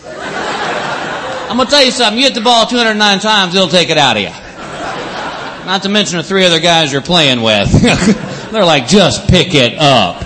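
A man's voice: sits high, normal speed, pauses often, background noise. A man doing a stand-up comedy set, telling stories and acting out the other people's voices. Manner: animated storytelling with acted-out voices.

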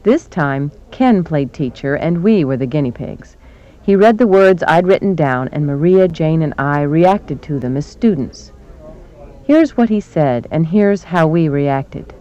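A woman teacher narrating her classroom experience in a measured, reflective way. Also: low-pitched, animated, mellow, muffled recording. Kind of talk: scripted narration.

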